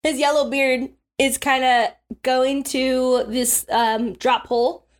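A woman with a high voice narrates as game master in a tabletop game. Her delivery is rambling and loose, and laughter keeps breaking into it. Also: steady tone, slow.

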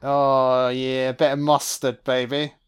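A man giving an audio-only film commentary, reacting with profane, excitable remarks. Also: mid-range voice, unhurried, clean tone.

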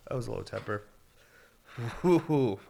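A young man with a lowish voice talks through a solo podcast, rambling and laid-back. He is audibly stoned and leans on fillers and casual swearing. Faint noise and clicks sit behind him. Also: steady tone, brisk. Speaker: podcast host and glass blower.

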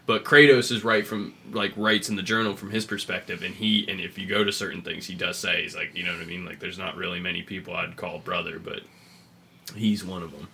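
A man with a fairly low but bright, forceful voice chats loosely on a podcast. He rambles, piling up fillers and breaking into laughs. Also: fairly even intonation, brisk, creaky, a little hiss or hum. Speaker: podcast co-host. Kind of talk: casual gaming chat.

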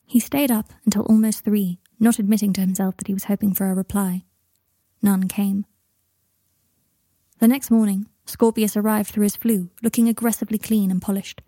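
A woman narrating a story aloud in a calm, even storytelling manner. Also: medium pitch, normal speed, no echo. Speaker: reader. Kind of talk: audiobook narration of fiction.

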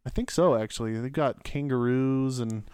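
Easygoing dad hosting a family podcast. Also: male voice, mid-range voice, normal speed, warm tone, clean tone, dry recording, studio quality. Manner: easygoing, asks the kids questions. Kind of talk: casual family chat.

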